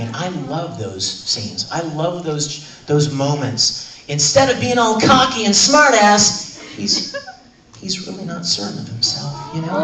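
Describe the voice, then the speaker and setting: Animated man telling stories at a fan panel. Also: on the high side. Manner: animated, laughing, playful with the audience. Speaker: convention panel guest. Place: large convention panel room. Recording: echoey hall from far off, crowd noise.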